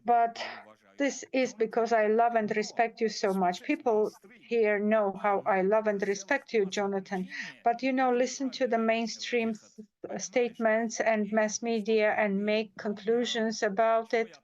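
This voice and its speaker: A woman's voice: on the high side, fairly even intonation, a little slow, darkish tone, highs cut off. A woman speaking as a symposium panelist, giving impassioned, firm remarks with frequent hesitations and repeated words.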